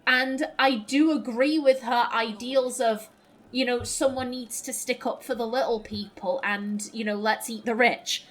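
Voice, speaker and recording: A woman's voice: on the high side, steady tone, unhurried, fairly bright tone. Exasperated woman ranting over gameplay. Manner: ranting, exasperated, swears freely. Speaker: let's play host. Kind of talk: gameplay commentary.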